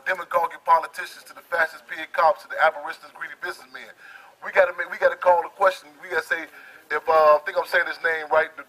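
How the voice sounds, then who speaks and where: A man's voice: on the high side, sharp tone, poor audio. A man giving an impassioned rally speech into a handheld microphone at an outdoor protest, often restarting his sentences. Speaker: activist speaker.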